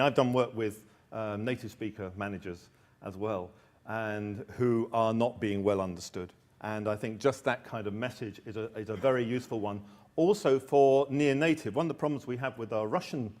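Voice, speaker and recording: A man's voice: mid-range voice, darkish tone. A middle-aged man giving a presentation about a course book, talking with many restarts and repeated words. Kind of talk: presentation talk.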